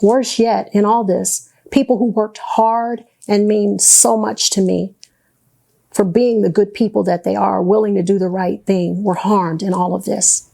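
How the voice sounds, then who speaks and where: Woman gravel-edged first-person testimony, pointed, sarcastic, earnest. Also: mid-range voice, steady tone, mellow. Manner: indignant, sarcastic, deliberate; faith-filled, earnest.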